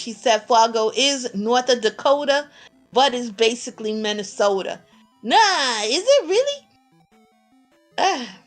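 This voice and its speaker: A woman with a New York accent commentates a game tournament in a lively, excitable way, laughing often. Her voice sits a little high, with soft music underneath. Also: unhurried.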